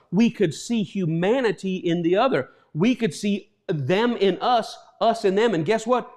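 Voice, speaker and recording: Earnest high-voiced pastor in his fifties. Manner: earnest, stammers and repeats words; acts out quoted voices. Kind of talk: reflective sermon talk.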